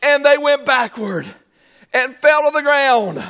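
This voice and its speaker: A man preaching a fervent sermon in a very high, bright, ringing voice. He takes his words slowly and deliberately, dropping to low murmurs and then rising to shouted exclamations. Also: lively intonation.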